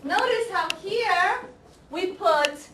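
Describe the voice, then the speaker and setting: A woman teaching an English grammar class, speaking slowly and deliberately, repeating example sentences and quizzing her students. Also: very high-pitched, animated, pushed and bright. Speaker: ESL teacher. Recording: echoey classroom, camera far off, faint noise.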